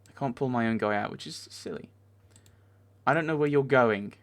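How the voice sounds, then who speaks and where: A man talks through a video game session as he plays. He chats back at the characters on screen and is quickly exasperated when things go wrong, his voice sitting at a middle pitch. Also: a bit bright. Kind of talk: let's play commentary.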